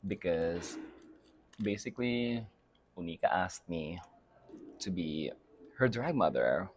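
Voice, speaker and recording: Speaking slowly and expressively in a low voice, this interview guest from the Philippines, a drag house mother, chats in a giggly, casual way. Slight background noise is audible, and his talk is full of fillers and unfinished thoughts.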